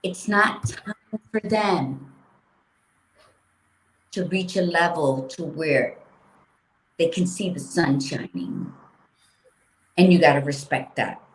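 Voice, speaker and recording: A woman co-hosting a casual motivational chat, blunt and animated, swearing freely. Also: sits low, slow, long pauses, echoey room, rough recording. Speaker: podcast co-host.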